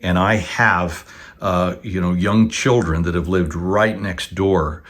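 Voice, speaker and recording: A man's voice: deep voice, fairly even intonation, slow pace, fairly bright tone. A man joining a casual chat, friendly and rambling.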